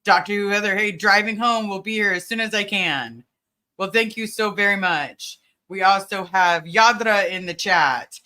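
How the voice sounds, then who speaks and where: Bright-voiced woman chatting on a livestream. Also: mid-range voice, normal speed. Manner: greets viewers by name, chatty, many fillers. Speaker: livestream host. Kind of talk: casual livestream chat.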